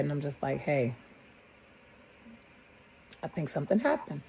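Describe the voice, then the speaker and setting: A middle-aged woman, a mother slowly retelling a personal story and quoting the people involved. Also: deep voice, warm tone, a little hiss or hum, low-quality recording. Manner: plain, halting retelling with quoted dialogue. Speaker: grieving mother.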